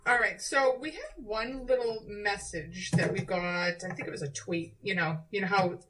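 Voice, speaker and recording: A woman's voice: mid-range voice, normal speed, fairly bright tone, poor audio. A middle-aged woman, co-hosting a casual chat, chatty and self-deprecating, laughing at herself. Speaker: podcast co-host, nurse.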